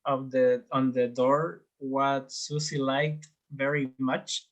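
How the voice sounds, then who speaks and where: Slow, hesitant male student. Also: mid-range voice, flat delivery. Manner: answers hesitantly with fillers.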